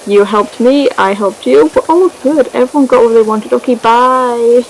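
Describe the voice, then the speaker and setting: A woman's voice: on the high side, animated, a little slow, darkish tone, a little hiss or hum, pitched above the performer's own voice, poor audio. A woman voicing a sly, scheming female spirit who gloats over her victim in a breezy, dismissive way. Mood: smug.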